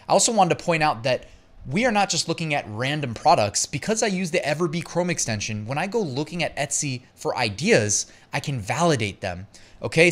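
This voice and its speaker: A man's voice: a little high, a bit bright. A man hosting a casual online business tutorial, chatty and upbeat, laughing easily as he talks. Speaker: host.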